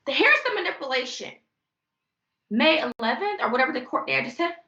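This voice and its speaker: A woman's voice: high-pitched, big pitch swings, brisk, bright, forceful tone, echoey room, highs cut off. A woman venting on a live stream in a heated, rambling way. She swears often and talks straight to her viewers. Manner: heated, rambling and profane, addressing viewers as y'all. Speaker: livestreamer.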